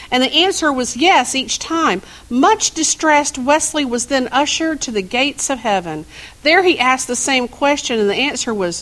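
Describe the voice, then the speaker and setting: A woman's voice: high-pitched, animated, normal speed, pushed and bright, low-quality recording. A middle-aged woman minister preaching a sermon, telling stories and asking the congregation questions. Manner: storytelling, asks the congregation questions.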